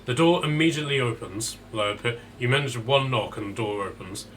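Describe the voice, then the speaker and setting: A man narrating a tabletop game as game master, describing scenes casually with many pauses and restarts. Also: medium pitch, fairly bright tone, a little hiss or hum.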